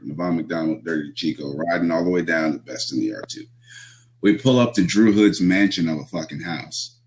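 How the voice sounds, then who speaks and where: A young man with a deep, low voice tells road stories in a loose, laid-back way. He swears freely and laughs as he talks, like a guest chatting on a podcast. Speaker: pro wrestler guest. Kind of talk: casual storytelling.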